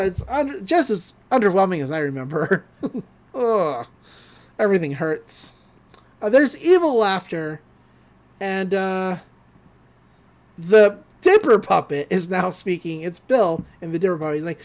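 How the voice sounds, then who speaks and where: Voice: medium pitch, a little slow, pauses often. A podcast host retelling a cartoon episode scene by scene with laughter. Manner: animated retelling with frequent laughs. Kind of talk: casual episode recap.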